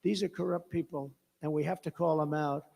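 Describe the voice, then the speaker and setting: A man's voice: a little high, fairly even intonation, a little fast, gravelly, darkish tone. A man giving a rambling, off-the-cuff rally speech as a political candidate, emphatic and mocking, repeating his phrases. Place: large rally venue. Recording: long-reverb rally PA sound.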